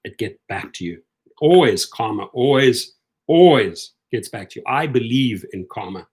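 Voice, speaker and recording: A man talking straight to his viewers on a casual live stream. He is emphatic and repeats himself for effect. His voice climbs sharply when he is worked up and drops low and quiet when he consoles someone. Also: lively intonation, moderate pace, husky. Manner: repeats phrases and addresses viewers directly. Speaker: rideshare channel host. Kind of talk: casual livestream talk.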